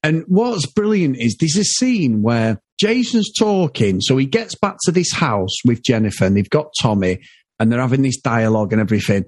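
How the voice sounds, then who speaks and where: A British podcast co-host in his thirties talks through a film in an excited, sweary ramble. His voice is a bit husky and swoops up and down a lot. The sound is dry and close. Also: medium pitch, moderate pace, dry recording. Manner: animated, sweary, laughs often. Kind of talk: casual film review chat.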